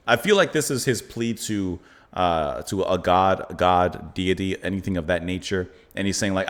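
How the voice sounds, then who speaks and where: A man's voice: low voice, normal speed, a bit bright. A man hosting a music reaction show, giving thoughtful, admiring commentary in a casual way, often saying "you know" and "like". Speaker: music reaction channel host. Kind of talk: casual album reaction and review.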